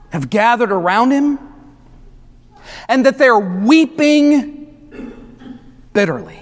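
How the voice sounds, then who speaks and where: A man with a strikingly high voice preaches a sermon in a church, speaking conversationally and throwing asides to the congregation. He slows right down to lean on important words. A long reverb from the big hall trails after every phrase. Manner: slows down to stress key words. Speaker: pastor.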